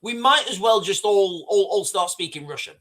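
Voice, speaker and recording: A man's voice: sits high, lively intonation, moderate pace, fairly bright tone. A man hosting a casual livestream, rambling and repeating himself as he reads out viewer comments. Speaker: livestream host.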